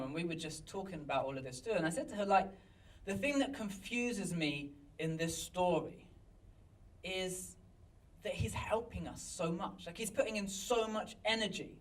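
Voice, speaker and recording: A pastor telling a story in a sermon, animated and self-mocking, recorded in a church. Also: male voice, sits high, moderate pace, far from the mic, poor audio. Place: church hall.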